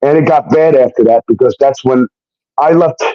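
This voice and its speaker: A man's voice: mid-range voice, normal speed. A man telling a personal story in a heated, casual way, acting out what others said and swearing often. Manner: heated, swearing, acts out quotes. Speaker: guest telling his story. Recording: dull lo-fi sound.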